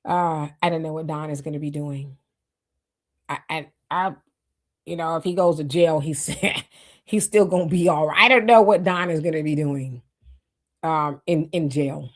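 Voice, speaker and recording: Woman host reading live chat aloud, casual, quick to react, restarts often. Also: on the low side. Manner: chatty, greets commenters, frequent restarts and laughs.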